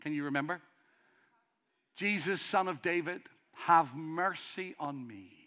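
A middle-aged man with a Northern Irish accent preaching a sermon, passionately, building to loud pleading. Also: a little high, unhurried. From Northern Ireland.

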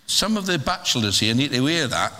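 A middle-aged man preaching a sermon in a lively, humorous way, with stammered restarts. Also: mid-range voice, fairly quick, background noise. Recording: long hall reverb.

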